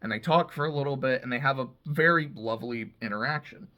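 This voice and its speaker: A man's voice: mid-range voice, quick pace, highs cut off. A man casually recapping TV episodes, talking loosely, swearing freely and leaning on "like" a lot. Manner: loose and profane, heavy use of "like". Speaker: TV show reviewer.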